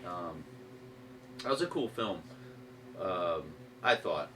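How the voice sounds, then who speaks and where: Man from arkansas, casual podcast chat, lowish voice, a bit far from the mic with faint hiss. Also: lively intonation, slow pace, fairly bright tone. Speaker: actor, podcast guest.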